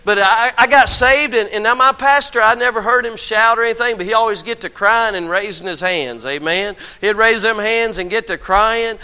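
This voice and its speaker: A man's voice: high-pitched, normal speed, hardly any pauses, sharp tone, clear, resonant tone. A man preaching a fervent sermon in folksy speech, often calling out amen. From Virginia.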